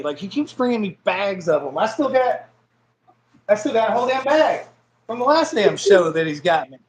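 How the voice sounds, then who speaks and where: Blunt Southern man, high voice. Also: animated, fairly quick, a little hiss or hum, rough recording. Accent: Southern American. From Southern United States. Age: 40s. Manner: blunt, profane, laughs often. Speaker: guest wrestler. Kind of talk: casual chat.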